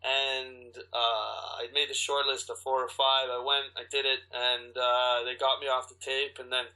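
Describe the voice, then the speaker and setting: Bright-voiced man telling a lively story. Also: medium pitch, normal speed, rough recording. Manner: animated storyteller, acts out quotes, many restarts. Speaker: actor guest. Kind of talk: casual storytelling interview.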